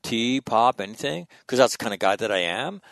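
A middle-aged man in a casual podcast conversation, telling stories in a profane, animated way. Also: medium pitch, brisk, creaky, no room sound.

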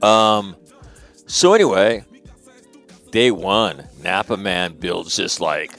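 A middle-aged man from Northern California hosting a radio show, telling a long, rambling, profane story with lively quoted asides. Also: low-pitched, slow pace, vocal fry, soft background music. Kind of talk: casual storytelling monologue.

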